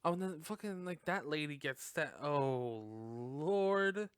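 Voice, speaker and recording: A man's voice: a little high, animated, slow pace, smooth, no echo, clean studio sound. A man hosting a podcast, recapping a film in a rambling, casual way, laughing often and swearing freely. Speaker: podcast host reviewing a film.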